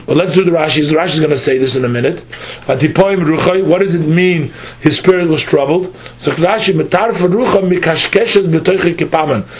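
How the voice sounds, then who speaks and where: A man's voice: a little high, rough recording. A man teaching a text study class. He reads phrases aloud with a pronunciation, translates them line by line, and often halts and restarts. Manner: halting, with frequent restarts.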